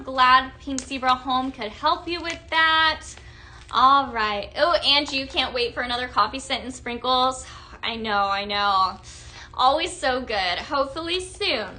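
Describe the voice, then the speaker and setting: A woman's voice: high voice, pushed and bright, a little hiss or hum. A young woman hosting a live sales demonstration, gushing and chatting with viewers as she shows products. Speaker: home fragrance product presenter.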